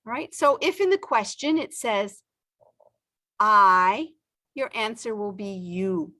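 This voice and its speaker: A middle-aged woman leads a beginner English lesson at a very slow pace. Her pitch is mid-range, and she stretches out each example phrase with deliberate pauses between them. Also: expressive, pushed and bright. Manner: stretches out example sentences, pausing often. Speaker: English teacher.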